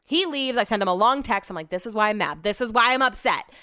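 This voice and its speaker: A woman's voice: mid-range voice, animated, fast, sharp tone, smooth, no echo, studio quality. A woman telling a casual story monologue, chatty and blunt, swearing freely as she retells back-and-forth conversations.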